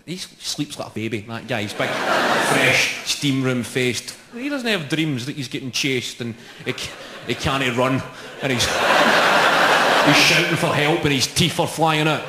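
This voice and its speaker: Sweary Scottish stand-up comic. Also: male voice, medium pitch, lively intonation, very noisy. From Scotland. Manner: fast, sweary, mocking banter. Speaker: stand-up comedian. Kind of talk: live stand-up comedy. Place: large live venue. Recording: echoey hall with roaring crowd. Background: audience laughter and cheers.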